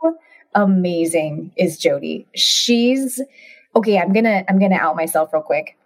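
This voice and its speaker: Expressive woman co-host, casual chat. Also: unhurried, faint music behind. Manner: expressive, bursts into high silly voices. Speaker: podcast co-host.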